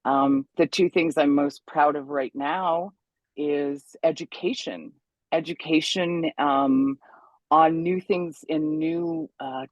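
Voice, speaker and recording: A woman's voice: low-pitched, dry recording, highs cut off. A woman guest on an interview show, an environmental activist talking in a chatty, upbeat way with many fillers. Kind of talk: casual interview.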